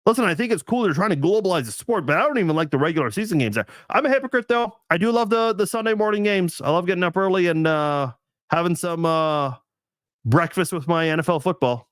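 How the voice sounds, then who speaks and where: Guy doing a live chat, super lively pitch, dry close sound, kinda highish. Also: fast, no echo. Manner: animated, thinks aloud, frequent restarts and fillers. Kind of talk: casual live stream chat.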